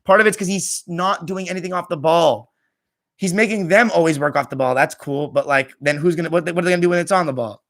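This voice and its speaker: A young American man hosting a live stream, reading chat comments in a tired, offhand way and trailing off quietly at the ends of phrases. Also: fairly high pitch, fast talker, gravelly.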